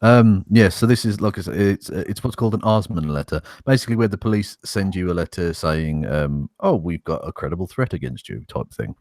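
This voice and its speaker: A man's voice: low-pitched, animated, brisk, hardly any pauses, a little mellow, dry recording, studio quality. A man co-hosting a casual podcast, reading a statement aloud with wry, sarcastic asides and swearing. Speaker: podcast co-host.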